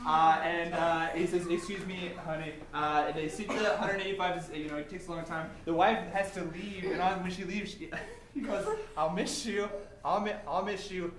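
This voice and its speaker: High-voiced man rambling on a live stage. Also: steady tone. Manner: rambling, halting with fillers. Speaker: improv performer. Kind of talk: live improv joke telling. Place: theater stage with audience. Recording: roomy live theater with crowd noise.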